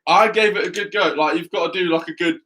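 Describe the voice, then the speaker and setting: A man's voice: sits high, steady tone, quick pace, pushed and bright. A man co-hosting a casual youth live stream, squeamish and groaning as he complains.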